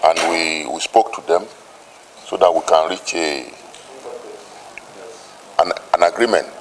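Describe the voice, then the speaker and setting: A man, a senator, speaking in a halting way with restarts. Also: deep voice, background noise.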